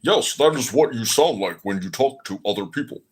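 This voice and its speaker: A man's voice: mid-range voice, lively intonation, moderate pace, a crowd in the background. A man hosting a podcast, talking in a mocking, theatrical way. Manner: mocking, theatrical, switches into a nasal put-on voice. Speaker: podcast host. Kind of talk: prank-style comedic chat.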